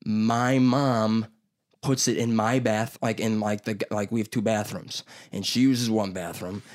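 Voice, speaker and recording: A man's voice: on the low side, fairly even intonation, a little slow. A young man telling a story in casual chat, rambling, swearing often and acting out what people said. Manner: rambling, swears a lot, acts out quotes.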